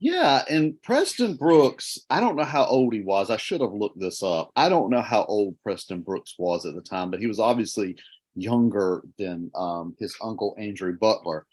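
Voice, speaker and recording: Husky, animated male podcast co-host. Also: fairly low pitch, moderate pace. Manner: animated, laughs while telling. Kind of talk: casual history chat.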